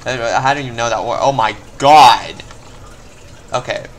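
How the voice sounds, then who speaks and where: A man's voice: mid-range voice, moderate pace. A young man commenting on his own gameplay, muttering to himself and breaking into frustrated outbursts. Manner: frustrated, swings from mumbling to yelling. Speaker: gameplay video host. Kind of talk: let's play commentary.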